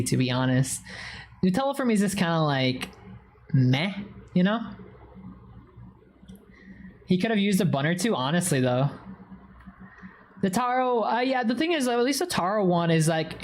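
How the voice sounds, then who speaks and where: A woman's voice: on the low side, a little mellow, a little hiss or hum. A young woman streaming live, chatting casually and telling a story with a lot of swearing.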